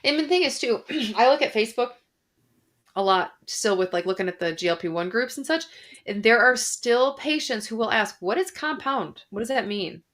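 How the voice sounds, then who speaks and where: Bright-voiced woman doctor chatting on a livestream. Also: fairly high pitch, animated, moderate pace. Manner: chatty, reads viewer comments aloud, mild swearing. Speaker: doctor hosting a live Q&A. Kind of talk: casual livestream chat. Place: Arizona.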